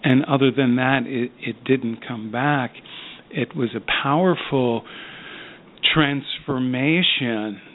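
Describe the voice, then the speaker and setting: A man talks at an unhurried, measured pace, reflecting on his work as a psychiatrist. His voice sits in a middle register and comes through a narrow, phone-like line, with frequent pauses and fillers. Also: mid-range voice. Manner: slow, thoughtful, with many pauses and fillers. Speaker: psychiatrist guest. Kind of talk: reflective interview talk.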